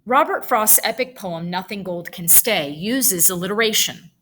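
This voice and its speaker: A woman teaching a writing lesson, thinking aloud as she slowly drafts a paragraph sentence by sentence. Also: mid-range voice, bright, forceful tone, slight background noise, poor audio.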